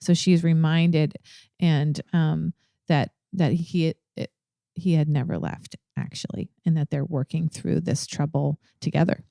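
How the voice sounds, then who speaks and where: Low, mellow woman discussing scripture. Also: fairly even intonation, measured pace, creaky, no echo, studio quality. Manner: thoughtful, searching for words with frequent ums. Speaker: co-host of a ministry podcast. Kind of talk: casual Bible study discussion.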